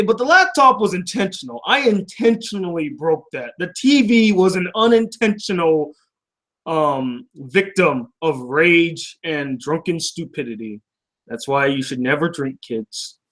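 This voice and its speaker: Profane, joking young man, high voice. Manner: profane, joking, self-deprecating. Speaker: vlog host reading fan mail. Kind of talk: casual rambling vlog. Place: home room.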